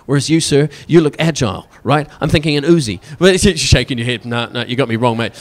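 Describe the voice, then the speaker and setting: A man's voice: mid-range voice, fast, few pauses. Sarcastic Scottish man doing stand-up. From Scotland. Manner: sarcastic, animated, keeps tagging "right?". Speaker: stand-up comedian. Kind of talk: stand-up comedy.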